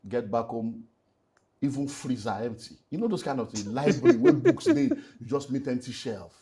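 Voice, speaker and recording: Nigerian pastor telling a painful story. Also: male voice, medium pitch, normal speed. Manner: emotional, rising to loud emphatic bursts. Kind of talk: candid personal testimony in conversation.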